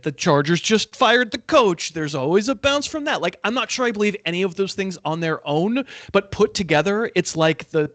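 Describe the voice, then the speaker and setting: A man's voice: on the high side, no room sound. A man hosting a casual sports betting podcast, rambling with fillers and laughing often. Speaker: podcast host.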